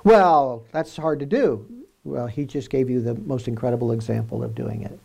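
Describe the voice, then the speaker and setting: A man's voice: mid-range voice, normal speed, gravelly, a little mellow, slightly rough. A man preaching a sermon in an earnest way, repeating key phrases for emphasis.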